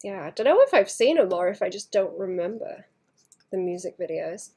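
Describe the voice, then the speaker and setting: Woman softly muttering while she paints. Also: mid-range voice, sing-song, moderate pace, breathy edge. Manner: soft muttering to herself, trailing into whispers; thinks aloud, second-guessing her work. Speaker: artist streaming her painting. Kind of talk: casual livestream chat while painting.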